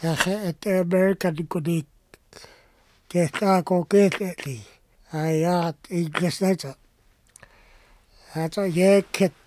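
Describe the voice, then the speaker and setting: An older speaker telling an oral history in a halting way, mixing a few English words into another language. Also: medium pitch, steady tone, darkish tone, no echo.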